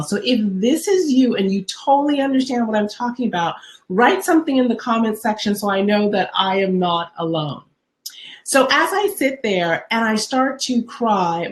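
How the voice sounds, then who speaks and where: A middle-aged woman hosting a live wellness talk, telling a personal story earnestly and reading viewer comments aloud. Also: medium pitch. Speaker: wellness host.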